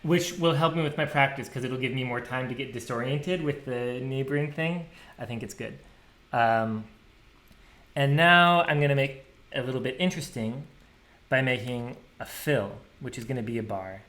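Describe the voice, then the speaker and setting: A man walking through a program he wrote, thinking aloud in a relaxed, casual way and scatting drum rhythms. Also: mid-range voice, normal speed. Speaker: programmer demonstrating his software. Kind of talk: casual screen-share tutorial.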